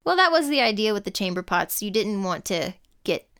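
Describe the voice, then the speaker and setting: A woman's voice: mid-range voice, sing-song, brisk, a bit bright, smooth. A woman co-hosting a casual history podcast, reading out prepared facts and then cracking dry jokes. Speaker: podcast co-host.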